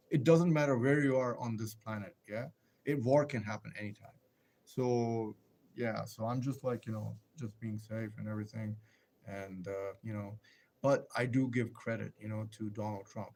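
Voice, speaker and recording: A man talking loosely to his viewers on a live stream. His delivery is rambling and emphatic, and it leans on rhetorical questions. He stops now and then to answer comments from the chat, at an ordinary middle pitch. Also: a little mellow, slight background noise.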